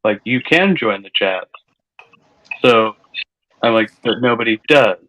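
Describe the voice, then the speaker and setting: A man's voice: fairly low pitch, unhurried, fairly bright tone, dull audio. A man in casual stream chat, talking things through thoughtfully with frequent restarts.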